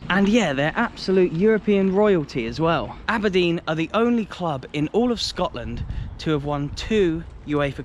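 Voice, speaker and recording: A young man from Britain talks his way around a city stadium, chatty and enthusiastic, tossing in jokey asides as he walks. His voice sits a touch high. Traffic and outdoor ambience come through clearly behind him on the camera mic. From United Kingdom. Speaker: football travel vlogger. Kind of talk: walking vlog commentary. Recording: outdoor street noise.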